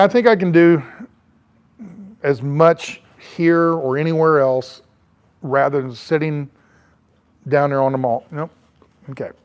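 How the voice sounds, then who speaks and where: A middle-aged man, chatting loosely on his porch with lots of fillers and restarts. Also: a little high. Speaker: travel vlogger. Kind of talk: rambling casual chat. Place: on a porch, outdoors.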